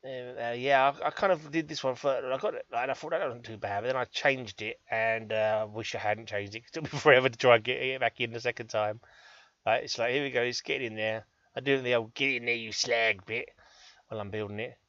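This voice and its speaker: Englishman, rambling gameplay chat, cheeky self-mockery, bright tone, slightly dull recording. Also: mid-range voice, fairly even intonation, brisk, dry recording. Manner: cheeky, self-deprecating, chatty. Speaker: gaming channel host.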